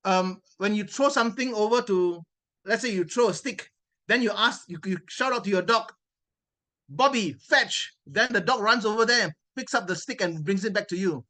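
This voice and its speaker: Male club grammarian on a video call, high and bright, precise and corrective. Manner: measured, corrective, repeats words for emphasis. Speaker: grammarian at a speaking club meeting. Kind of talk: reading out a grammar report in an online meeting.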